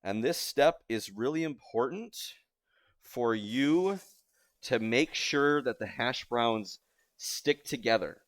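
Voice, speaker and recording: A young man talks his way through a home-cooking livestream at a middle pitch. He rambles, restarts sentences, pokes fun at himself and trails off with filler words. The sound is close and dry, picked up by a phone on a tripod in his kitchen. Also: expressive, slow, no echo. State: teary-eyed from onions. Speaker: cooking streamer. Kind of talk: casual live-stream cooking chat.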